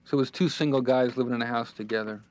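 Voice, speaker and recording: A man's voice: medium pitch, fairly even intonation, a little mellow. A man doing a stand-up comedy routine, telling jokes and acting out quotes from the people in them. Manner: rapid joke-telling with acted-out quotes. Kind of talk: stand-up routine within a sitcom.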